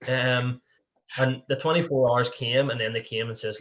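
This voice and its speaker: A man's voice: medium pitch, fairly even intonation, normal speed, fairly bright tone, lo-fi sound. Northern Irish man telling a rambling story. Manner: rambling, full of "you know" fillers and restarts. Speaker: podcast guest. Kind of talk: candid personal storytelling.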